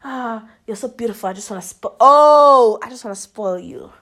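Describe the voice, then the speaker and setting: A woman putting on a smooth flirting club guy with an accent. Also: a little high, expressive, normal speed, a bit bright. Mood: wooing. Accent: put-on accent.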